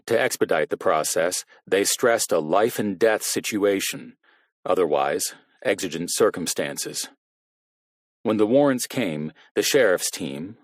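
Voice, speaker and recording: Rich: a male narrator reading a crime thriller in a measured, steady delivery. His voice sits low, and the recording is close and dry. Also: no room sound. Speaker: audiobook narrator. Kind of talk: scripted narration.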